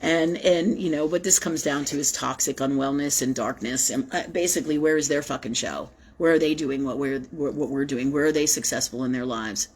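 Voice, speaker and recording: A woman's voice: very deep voice, brisk, few pauses, a little mellow, slightly rough. A woman hosting a live spiritual talk show, rambling and emphatic, swearing freely as she talks to her viewers. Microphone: webcam or phone on a live stream.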